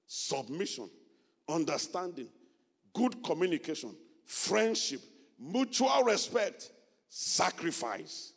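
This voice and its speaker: A man preaching a sermon and leading an altar call, repeating phrases in a fervent sing-song way and at times speaking in tongues. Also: on the high side. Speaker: pastor. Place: church sanctuary. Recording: long church reverb with music behind.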